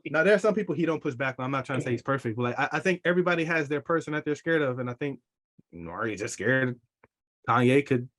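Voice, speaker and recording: A man's voice: medium pitch, animated, fast, a bit bright. A man co-hosting a podcast, explaining his view in a laid-back casual chat. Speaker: podcast co-host.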